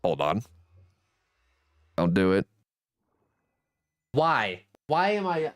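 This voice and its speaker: This game streamer's pitch swings widely as he reads out chat, answers it, thanks his viewers and teases himself in a relaxed, jokey way. He talks slowly with long pauses, in a fairly bright tone. The studio-quality recording has no echo.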